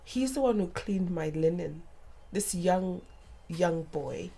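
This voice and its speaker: A woman's voice: on the low side, expressive, takes it slowly, gravelly, warm tone. A middle-aged woman, a guest, earnestly telling a painful personal story and acting out the voices of others. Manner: earnest, acts out quoted voices.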